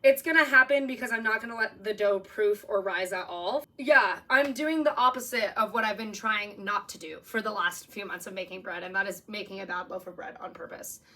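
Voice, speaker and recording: A young woman talking casually to a phone camera in her home kitchen, chatty and excitable, often laughing. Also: fairly high pitch. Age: young adult. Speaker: vlogger. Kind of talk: casual vlog chat.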